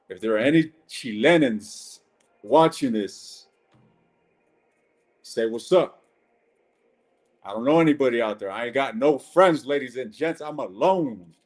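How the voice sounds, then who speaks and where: A man's voice: mid-range voice, darkish tone. A man giving a casual live-stream tarot reading, blunt and chatty, swearing and calling viewers ladies and gents.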